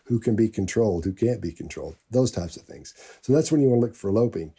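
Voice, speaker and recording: A man's voice: lowish voice, animated, fast, mellow, slightly rough. A man who trains people for jury selection, explaining in loose, rambling stretches full of restarts. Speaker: body language expert and jury selection trainer. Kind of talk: panel discussion.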